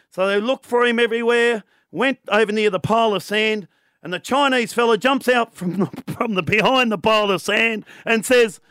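A playful man with a high voice banters and tells jokes on a sports radio show. His manner is light and jokey. The sound is dry and close to the mic. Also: moderate pace, a bit bright, smooth, dry recording. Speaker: co-host.

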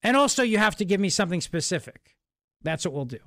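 A male talk radio host with a high voice holds forth in an emphatic, sarcastic monologue, hammering his points through repetition. His studio microphone sounds close and dry, with no room around it. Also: sing-song, fast talker, fairly bright tone, no echo.

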